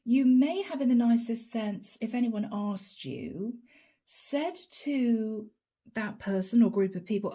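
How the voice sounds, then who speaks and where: Husky chatty woman reading tarot. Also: a little high, big pitch swings, moderate pace, dark tone. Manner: chatty, laughing often, talking to viewers as guys. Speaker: tarot reader. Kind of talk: channeled tarot reading, addressing viewers.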